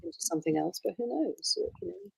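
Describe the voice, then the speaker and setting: A middle-aged woman who grew up in Wales, chatting warmly on a livestream as she signs prints for fans, with plenty of ums and soft asides. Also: medium pitch, very animated, quick pace, gravelly, breathy edge, dry recording, rough recording. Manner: warm, gushing, with many ums and soft trailing asides. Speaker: voice actress signing prints for fans. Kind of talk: casual livestream chat.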